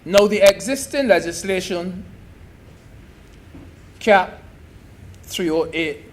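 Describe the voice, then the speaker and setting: A man's voice: sits high, slow pace. A man giving an emphatic speech in a senate debate, repeating key phrases and addressing the chair as sir.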